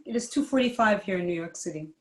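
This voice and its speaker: Lively woman on an echoey video call. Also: mid-range voice. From Dominica. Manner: lively, quick and laughing. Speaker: guest performer. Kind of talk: casual chat over video call.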